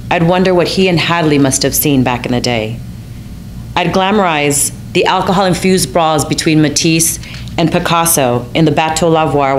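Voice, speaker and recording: A woman's voice: low voice, slight background noise. An American woman telling a personal story in a wry, self-mocking, theatrical manner. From United States.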